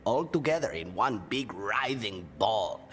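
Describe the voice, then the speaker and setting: An actor playing a male mercenary telling rough, boastful stories. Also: on the low side, lively intonation, a little slow, a bit bright, slight background noise.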